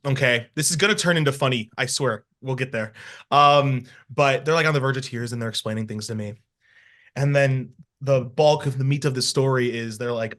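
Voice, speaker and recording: A man co-hosting a casual podcast, telling work stories in an animated, rambling way with frequent laughter. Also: medium pitch. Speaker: podcast co-host, housing professional.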